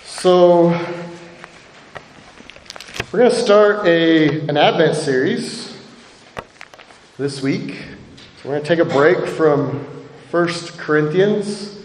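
Pastor guy with a high voice giving a sermon, chatty, lots of ums and "right?", big echoey church sound. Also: slow, pauses often, a little hiss or hum. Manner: conversational, many fillers and asides asking "right?". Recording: echoey hall.

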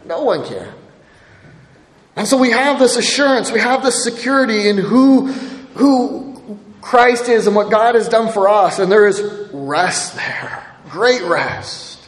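A man's voice: high-pitched, animated, measured pace. A male pastor giving a conversational sermon, often checking in with the congregation by asking "right?". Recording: echoey hall with long reverb.

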